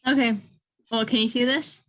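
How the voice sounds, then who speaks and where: A woman's voice: on the high side, steady tone, moderate pace, fairly bright tone, low-quality recording. A middle-aged woman guesting on a podcast over a video call, casually giving instructions in a bossy, coaching way and laughing often. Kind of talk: casual chat.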